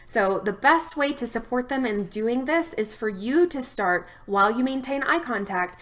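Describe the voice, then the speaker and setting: A young adult woman therapist giving calm, steady instructional advice straight to the viewer. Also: on the high side, moderate pace. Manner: calm, steady explanatory delivery. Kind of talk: instructional talk to camera.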